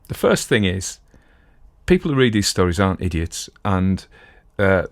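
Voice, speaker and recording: A middle-aged man with a very low voice hosts a podcast from his home. He talks in a loose, digressive, chatty way, wandering off on asides before returning to his point. The sound is dry and close, with no room echo. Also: expressive, normal speed. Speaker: podcast host. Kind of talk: casual talk on classic literature.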